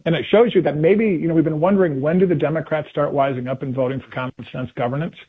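A man talking casually about politics on a radio show, animated, often acting out quotes in put-on voices. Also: a little high, fast talker, a little hiss or hum. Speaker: political commentator guest. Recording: phone-line call-in audio.

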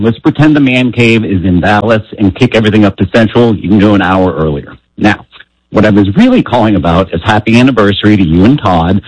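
A man's voice: fairly low pitch, no echo, low-quality recording. A man calling in to a radio show, joking and rambling. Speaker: caller.

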